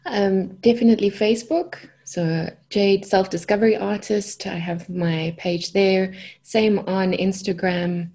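A woman with a South African accent, a guest on a podcast, answering in a relaxed, unhurried way. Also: mid-range voice, breathy edge. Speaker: podcast guest, consciousness coach. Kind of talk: casual interview chat.

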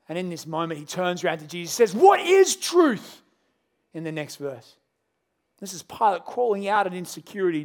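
Man, pastor, sermon, high voice, animated storytelling. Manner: animated storytelling, acting out scenes.

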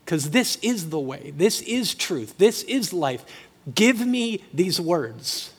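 Speaking slowly in a high-pitched, very animated, slightly rough voice, a middle-aged man pastors his congregation with a passionate, emotional sermon built on emphatic repetition. The church sanctuary gives the recording a long hall reverb.

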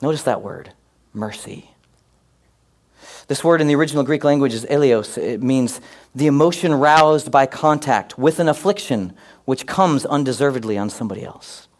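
A man preaching a sermon, mixing scripture with comic personal stories and getting loud and animated at times. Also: medium pitch, normal speed. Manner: animated, comic asides, rising to near-shouts. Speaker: pastor.

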